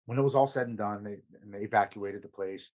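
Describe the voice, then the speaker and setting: A man with a fairly low voice, guesting on a podcast. He tells a story from his own life in a casual, earnest way, acting out what each person said and letting his voice sink quieter when it gets heavy. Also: fast. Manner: retells events with much quoted dialogue.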